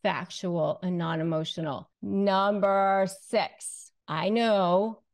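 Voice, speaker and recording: A woman coaching viewers in a direct-to-camera advice lesson, speaking calmly and deliberately and slowing down to stress key phrases. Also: mid-range voice. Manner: calm, deliberate, often slows to stress phrases. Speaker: host, negotiation and relationship coach.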